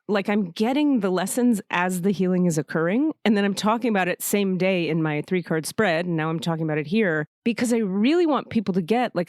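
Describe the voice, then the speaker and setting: A woman host telling a personal story in casual, emotional, profane talk, often jumping up in pitch for quoted thoughts. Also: darkish tone, dry recording, studio quality.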